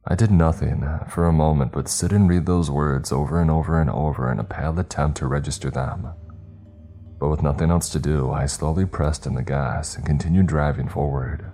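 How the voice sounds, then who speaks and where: A man narrating a scripted horror story in a measured, tense way. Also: a bass voice, dark tone. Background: faint music.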